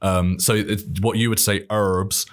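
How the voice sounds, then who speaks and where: Low-voiced British man, chatty. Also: animated, fast. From Britain. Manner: laughs easily, chatty, trails off mid-sentence. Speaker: guest. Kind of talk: casual conversation.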